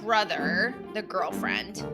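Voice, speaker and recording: A woman's voice: mid-range voice, slow pace, over music. A woman co-hosting a podcast, giving practical tips in an upbeat, emphatic casual chat. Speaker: podcast co-host.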